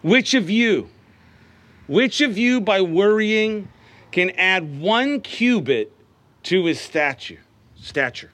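A man's voice: high voice, animated, slow, pauses often, a bit bright, no room sound. A middle-aged man preaching a sermon in a folksy storytelling way, often asking the congregation "Amen?".

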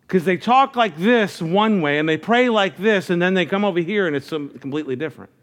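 Middle-aged male pastor, slightly high voice, earnest, folksy preaching with lots of restarts. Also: expressive, fairly quick, hardly any pauses, a bit bright. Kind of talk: sermon.

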